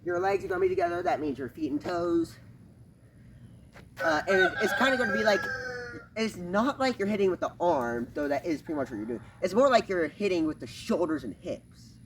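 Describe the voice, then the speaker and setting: A man with a fairly high, lively voice walks through a karate form, stopping and starting and calling out "bam" on each strike as he moves. He is recorded on a camera set some distance away in a backyard, with clear outdoor noise and chickens clucking behind him. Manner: halting, many fillers, punctuates moves with "bam"; talks while performing moves. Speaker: karate instructor. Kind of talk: casual demonstration lesson.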